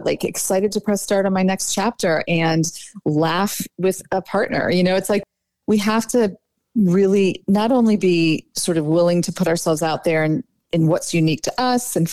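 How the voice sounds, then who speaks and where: A woman dating coach chats freely in an interview, her speech full of "like" and "you know." The sound is dry and close, with no room echo. Her pitch sits in the middle range for a woman. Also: moderate pace. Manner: chatty, animated, lots of "like" and "you know". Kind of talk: casual podcast interview.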